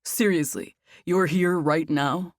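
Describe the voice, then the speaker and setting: A woman's voice: lowish voice, takes it slowly, no echo, clean studio sound. Woman voicing an eager young man on the phone. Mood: excited. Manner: excited, choppy questions.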